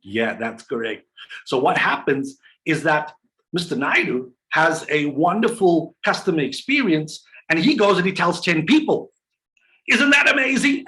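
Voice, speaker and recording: A male business coach, delivering a motivational sales talk. His voice sits a little on the high side. He drives his points with rhetorical questions and playful little voices for the people he quotes. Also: a bit bright.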